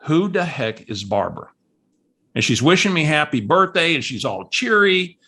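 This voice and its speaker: Bright-voiced male coach telling a story. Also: a little high, moderate pace, husky. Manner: animated storyteller who acts out voices. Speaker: real estate coach.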